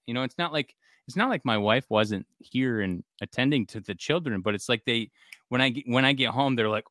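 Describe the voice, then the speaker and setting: A man's voice: medium pitch, normal speed, fairly bright tone, dry recording, studio quality. A man in his thirties co-hosting a podcast, telling family stories in casual chat and laughing often. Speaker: podcast co-host.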